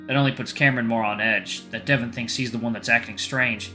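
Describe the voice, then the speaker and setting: A male let's play host reads a visual novel aloud, telling the story at a steady pace. His voice is very bright, with a mid-range pitch. Light music plays faintly behind him. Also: fast, hardly any pauses.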